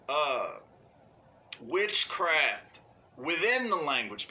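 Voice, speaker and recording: A man ranting off the cuff in a blunt, cursing way, always checking in with his listeners. His voice sits a little high and carries a very bright, forceful edge. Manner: blunt, profane, repeats "you know what I'm saying"; mocks others in high put-on voices. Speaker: online ranter. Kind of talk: unscripted rant.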